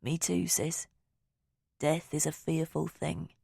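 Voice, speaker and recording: A woman's voice: low-pitched, flat delivery, slow pace, gravelly, mellow, breathy edge, no echo, exaggerated voice. A woman reading the part of a wry, gloomy young man in an audiobook, in a dry, darkly joking way. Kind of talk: audiobook character voice.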